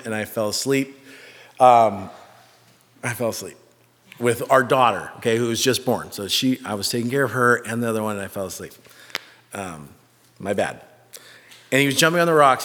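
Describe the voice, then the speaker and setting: Guy preaching and telling stories on himself, lively and self-mocking, long hall reverb. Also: medium pitch. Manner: animated, self-mocking storyteller. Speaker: pastor. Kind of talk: sermon with personal storytelling.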